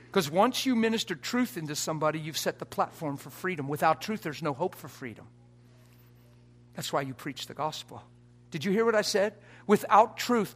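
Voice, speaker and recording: Emphatic higher-voiced male preacher. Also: vocal fry, husky. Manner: emphatic, swings between soft asides and loud exhortation; laughs often and prods the audience with "come on". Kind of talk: sermon. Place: church or conference hall before a live audience.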